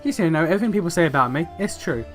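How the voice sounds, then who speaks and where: A man reading the lines of a weary, guilt-ridden old dwarf knight aloud, with frequent uh fillers and a slightly high voice. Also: lively intonation, racing, a bit bright, soft background music.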